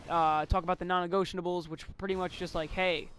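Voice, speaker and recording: In loose, rambling chat, a teenage boy tells a school story, giggling and cursing casually. His high, fairly bright voice is fast with a flat delivery, and a faint hiss runs under the recording.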